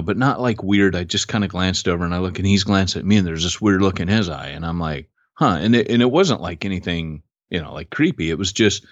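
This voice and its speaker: A man co-hosting a podcast, telling a story in a casual, excitable way. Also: sits low, no room sound, muffled recording. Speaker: podcast co-host.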